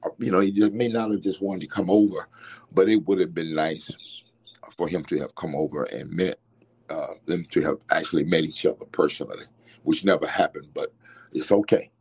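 A middle-aged man, recalling his late father in an interview, halting and restarting often as he talks fondly. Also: low voice, fairly even intonation, darkish tone, breathy edge. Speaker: interviewee, son of the former coach. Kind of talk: reflective interview recollection.

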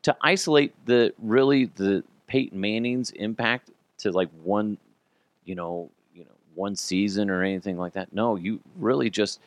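A man hosting a podcast in a casual sports-talk style, animated, swearing freely and laughing often. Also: lowish voice, normal speed, no echo. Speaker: podcast host.

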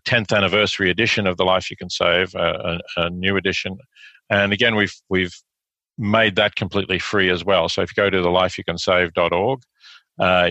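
A man with an Australian accent, answering interview questions in a measured way with many fillers and restarts. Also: low voice, sharp tone, no echo, muffled recording. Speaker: guest philosopher.

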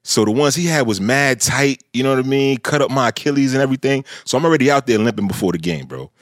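A man in his thirties, a former pro football offensive lineman appearing as a podcast guest, tells stories in a laid-back, casual chat packed with "bro" and "you know what I'm saying." His medium-pitched voice is animated and quick, recorded with clean studio sound and no echo.

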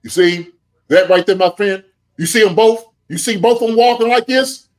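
A man who played tight end, giving animated sports analysis, full of rhetorical "okay?" and "right?" check-ins. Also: high-pitched, normal speed. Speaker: podcast co-host, former tight end.

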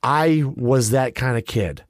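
A man's voice: medium pitch, takes it slowly, no room sound, studio quality. Rambling midwestern guy telling stories. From American Midwest. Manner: rambling, storytelling with many restarts and asides. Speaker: podcast co-host. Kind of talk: casual chat. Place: lives in Los Angeles.

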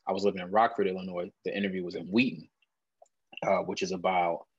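A man, a guest in an interview, earnestly telling a personal story in an animated conversational way. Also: low voice, fast, slightly rough, no room sound, lo-fi sound.

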